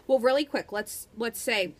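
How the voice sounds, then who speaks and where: A woman's voice: a little high, normal speed. A young woman co-hosting a vlog in casual chat, brash and crude, cutting in often. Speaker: vlog co-host.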